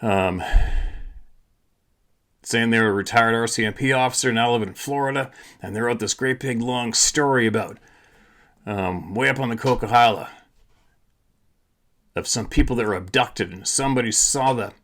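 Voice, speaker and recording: A man's voice: mid-range voice, normal speed, long pauses, a bit bright. A tired man hosting his own channel, talking to viewers in a blunt, casual monologue with swearing, repeats and restarts. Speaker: channel host.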